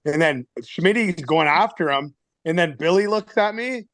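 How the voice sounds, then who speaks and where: A man's voice: on the high side, expressive, normal speed, fairly bright tone, no echo. A man, a former hockey player, telling profane fight stories in a casual podcast chat. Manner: profane, storytelling, laughs often.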